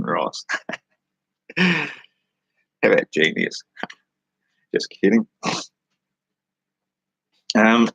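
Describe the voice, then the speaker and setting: Australian male host, low and husky, unhurried, casual livestream chat and read-aloud, dry sound. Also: fairly bright tone, no echo, rough recording. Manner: laid-back, chuckling, unhurried. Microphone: studio microphone.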